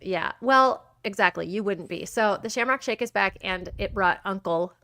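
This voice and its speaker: A woman co-hosting a podcast, bubbly and playful, with quick laughs and joking sarcasm. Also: medium pitch, sharp tone. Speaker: co-host. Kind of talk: casual chat.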